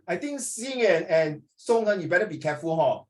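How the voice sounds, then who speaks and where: Here the same kind of Singaporean teacher sounds high-pitched and brisk, his intonation lively as he jokes around, quizzes the class, and drops in Mandarin during the lesson.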